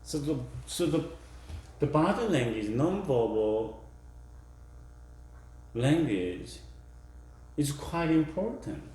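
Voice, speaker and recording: A male professor giving a classroom lecture, halting with fillers and restarts, acting out example phrases in different tones. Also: on the high side, sing-song, a little mellow, roomy sound. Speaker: university professor.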